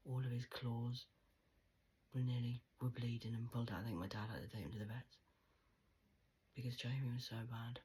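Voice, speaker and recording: A woman's voice: a bass voice, steady tone, fairly quick, darkish tone, breathy edge. A woman in her forties telling a personal story in an agitated, profane monologue, often dropping to a whisper. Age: 40s.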